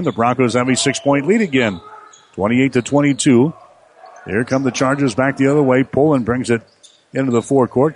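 A man calling college basketball play-by-play in a rapid running commentary that lifts on big plays. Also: mid-range voice, a little hiss or hum. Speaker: play-by-play announcer.

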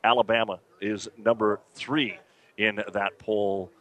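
Lower-voiced male sports radio host. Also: slow, no room sound. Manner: steady, matter-of-fact with fillers. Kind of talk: sports news rundown.

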